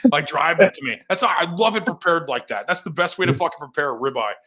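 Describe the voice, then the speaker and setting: A man, a touring comedian, chatting casually on a podcast, rambling and swearing through animated stories. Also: a little high, quick pace, a crowd in the background. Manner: rambling, profane, animated storytelling.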